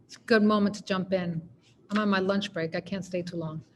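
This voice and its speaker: A woman's voice: mid-range voice, steady tone, brisk. Woman poet reading her stuff, wry conversational telling, faint ambient noise behind. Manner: wry, conversational narration with quoted voices. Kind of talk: poetry reading.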